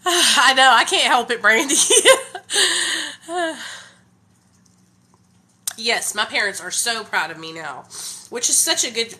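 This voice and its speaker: Hyped, bright-voiced woman chatting live. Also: on the high side, slow, pauses often. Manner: hyped, energetic talker; heavy use of "like" and "y'all". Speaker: live streamer. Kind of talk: casual live stream chat.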